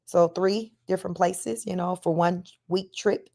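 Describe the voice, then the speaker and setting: A woman's voice: on the low side, fairly even intonation, a little slow, vocal fry, dark tone. A woman from Northern California, hosting a casual livestream, reading viewer comments and chatting about her travels, often laughing while she talks and calling her viewers y'all. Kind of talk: casual chat.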